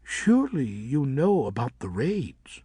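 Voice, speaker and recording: A man voicing an old, kindly female fruit bat who speaks in a gentle, soothing way. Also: mid-range voice, wildly swooping pitch, takes it slowly, husky, no room sound, studio quality, heavily acted.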